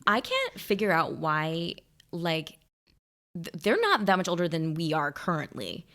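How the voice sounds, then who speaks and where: Brief: podcast co-host, woman, low voice with gravelly fry, casual and joking. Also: wildly swooping pitch, a little slow, a bit bright. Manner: chatty, jokey, laughs often. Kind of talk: casual chat.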